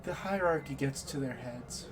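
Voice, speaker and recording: A man voicing a nervous drow woman who stammers and speaks softly. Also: medium pitch, normal speed, heavy background noise, close to an everyday voice. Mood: shy. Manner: hesitant, stammering, soft.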